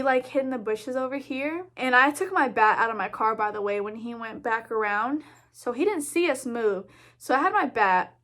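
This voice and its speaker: A young woman YouTuber telling a story to the camera in a chatty, animated way, full of filler words. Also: on the high side. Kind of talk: storytime vlog.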